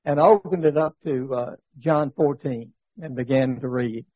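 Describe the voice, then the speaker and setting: Husky-voiced man teaching Bible class. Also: medium pitch, moderate pace, no room sound, phone-quality sound. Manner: conversational, many fillers and rhetorical questions. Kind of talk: informal church lesson with storytelling. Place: church classroom.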